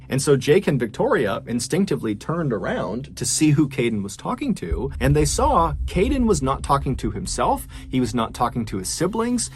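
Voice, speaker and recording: A man in his thirties telling an unsolved mystery story, with an animated, suspenseful delivery that acts out quoted dialogue. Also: on the high side, slight background noise.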